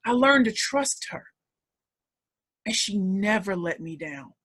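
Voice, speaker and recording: Speaking slowly with lively intonation, this woman has a medium-pitched, somewhat bright, husky voice. She is a guest in her forties from the St. Louis area, United States, recounting her life in an interview. Her delivery is emotional and emphatic, with many repetitions.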